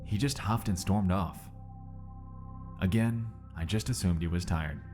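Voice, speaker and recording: A man with a low, deep voice narrates a story at a steady, measured pace. A clear music bed plays underneath him throughout. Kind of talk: read-aloud story narration.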